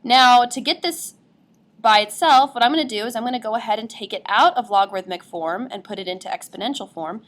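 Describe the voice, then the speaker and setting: A woman's voice: a little high, brisk, a bit bright. A woman math teacher working through a problem in a casual, folksy way. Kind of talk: classroom lesson.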